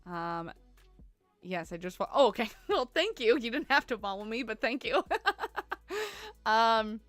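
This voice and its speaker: A woman's voice: on the high side, expressive, moderate pace, no echo, soft background music. A Canadian woman from Ontario chatting casually with viewers on a livestream, full of "like" and "um", giggling and apologizing as she goes. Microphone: desk mic she keeps bumping.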